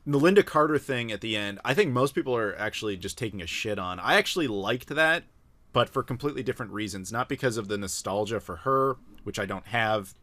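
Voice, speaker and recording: Blunt, ranting man with a low voice. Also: a little fast, dry recording. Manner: blunt, critical, animated ranting. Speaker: podcast co-host. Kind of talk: casual podcast discussion.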